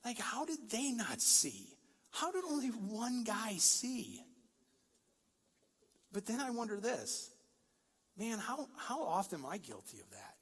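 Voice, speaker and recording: A man's voice: high-pitched, huge pitch swings, slow pace, pauses often, fairly bright tone, breathy edge. A man preaching a sermon, conversational and joking, building to emphatic peaks. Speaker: pastor. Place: large church hall. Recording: long church-hall reverb.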